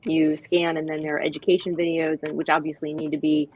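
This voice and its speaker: A woman speaking as a guest on a video-call show, talking with animated enthusiasm and acting out little quoted voices. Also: low-pitched, quick pace, low-quality recording. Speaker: guest, dog park expert.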